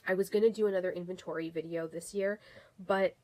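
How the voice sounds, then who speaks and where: Young woman, low-ish voice, casual rambling beauty vlogger talking straight to camera. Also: fairly even intonation, fast, mellow, rough recording. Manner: chatty, rambling with restarts and fillers. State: has the hiccups.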